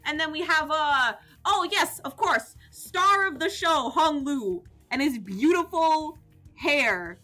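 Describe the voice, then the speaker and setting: A young woman streamer giving playful, goofy commentary on a game, animated and jokey with bursts of shouting. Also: high voice, slow pace, soft background music. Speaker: gaming streamer.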